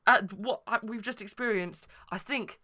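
A man's voice: high-pitched, normal speed, bright, forceful tone. A man co-hosting a podcast, playing the bossy straight man in an improvised comedy sketch and keeping the bit on track. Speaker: podcast co-host.

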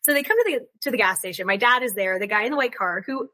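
A woman in her thirties hosting a podcast, telling a story in a chatty, animated way and laughing often. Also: mid-range voice, quick pace. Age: 30s. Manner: chatty and animated, laughs often, quotes people in other voices. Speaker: podcast host. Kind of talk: casual chat, telling a story.

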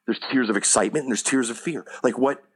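A man's voice: mid-range voice, fast, husky. A man talking as an acting coach in a casual interview, rambling with lots of "you know what I mean" and casual swearing.

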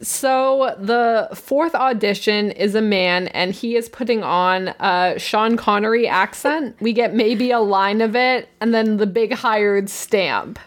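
A woman in her twenties co-hosting a podcast, chatting casually and wryly about a show and laughing easily. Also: mid-range voice. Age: 20s. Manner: chatty, wry, quick to laugh. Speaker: podcast co-host. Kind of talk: casual chat recapping a show.

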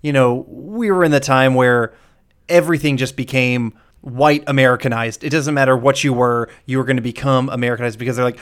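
A man hosts a podcast in a loose, conversational way, picking apart a film scene by scene. He is blunt and swears without a second thought. His voice sits in an ordinary middle pitch. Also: fairly even intonation, brisk, smooth. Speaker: podcast host. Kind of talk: casual movie breakdown chat.

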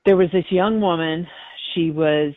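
A woman giving an interview as a psychic guest, earnestly recounting her readings in an unhurried storytelling way. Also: lowish voice, no room sound. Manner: earnest storyteller, repeats words, laughs easily. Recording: tinny phone line.

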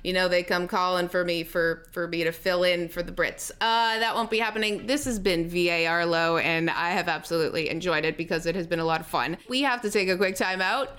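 A woman with a Canadian American accent hosting a chat show, upbeat and quick to react. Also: fairly low pitch, steady tone, a bit bright, clean tone. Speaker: show host. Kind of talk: casual chat.

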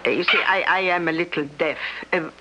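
An actress playing Madame Karpovna, a crafty old medium. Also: female voice, on the low side, fairly quick, heavy background noise, natural voice. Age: older. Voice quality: crafty, haggling, claims to be hard of hearing. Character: greedy old female medium feigning deafness. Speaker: fortune-telling medium. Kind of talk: 1970s radio drama acting.

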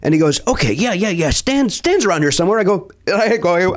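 Animated man telling a rambling story. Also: sits high, fast. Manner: animated, acts out quotes, restarts often. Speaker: storyteller guest. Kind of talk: casual anecdote.

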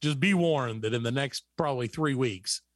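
A man's voice: mid-range voice, normal speed, no echo. A man hosting a podcast in casual chat, joking and teasing his co-host and laughing often.

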